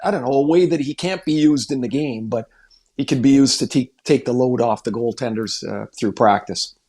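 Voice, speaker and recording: A man's voice: mid-range voice, normal speed, dark tone. A man co-hosting a hockey podcast, chatting casually and thinking aloud with frequent restarts. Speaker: podcast co-host. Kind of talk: casual sports chat.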